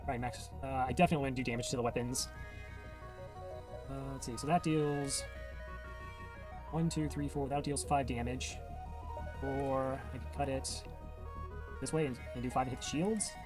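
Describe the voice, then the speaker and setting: A man giving casual commentary on his own game run, thinking aloud, reading game text and counting out loud. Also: mid-range voice, fairly even intonation, normal speed, long pauses, over music. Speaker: gamer playing and narrating his old run.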